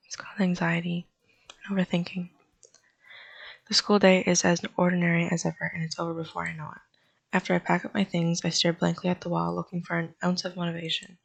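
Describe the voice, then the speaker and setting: Woman, low pitch, gravelly voice, reading game text aloud, dry wry tone. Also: monotone, quick pace. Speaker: gaming channel host. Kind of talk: reading a visual novel aloud with commentary.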